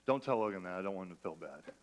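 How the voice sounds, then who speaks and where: A man's voice: low voice, animated, a little fast, a little hiss or hum. A man preaching a sermon in a church, conversational and self-deprecating as he mixes personal stories with scripture. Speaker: pastor.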